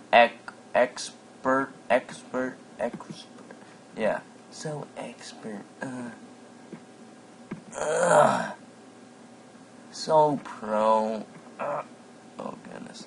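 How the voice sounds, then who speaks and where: Excitable gravelly guy narrating a game. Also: medium pitch, very slow, long pauses. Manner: excitable, yelps and exclamations at the game. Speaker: gameplay commentator. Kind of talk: casual let's-play commentary. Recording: noisy home mic recording.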